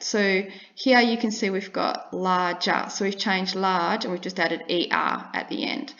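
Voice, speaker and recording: A woman teaching an English grammar lesson, explaining slowly and repeating each example. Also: medium pitch, a bit bright, dull audio. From Australia.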